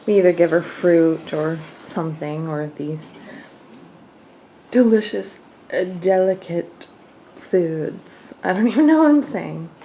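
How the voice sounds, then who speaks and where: A woman's voice: fairly low pitch, lively intonation, slow pace, warm tone, a little hiss or hum, rough recording. A young woman chatting casually through her daily vlog in her home kitchen, rambling and laughing often. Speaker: vlogger.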